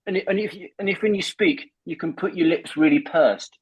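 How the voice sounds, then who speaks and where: A man who is a voice coach, explaining techniques in an animated, instructive way and laughing often. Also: high-pitched, moderate pace, breathy edge, no echo, muffled recording. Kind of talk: instructive conversation.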